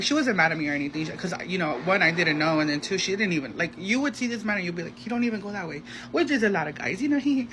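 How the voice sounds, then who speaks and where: A man telling a gossipy storytime in a casual, animated way, acting out the voices of the people in it. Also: sits high, fast talker, few pauses. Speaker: storyteller in a social media clip. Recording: noisy background.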